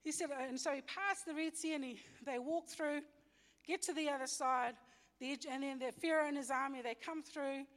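Speaking at a moderate pace, a woman with a high, slightly bright voice recounts scripture in everyday slang, like a relaxed sermon. Fillers, restarts and self-corrections come up constantly in her chatty delivery. There's a long hall reverb on the audio.

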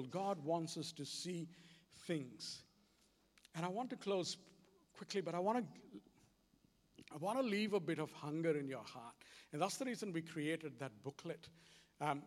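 Guy preaching a sermon, acts out the dialogue, high voice, long reverb. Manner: animated storytelling, acting out dialogue.

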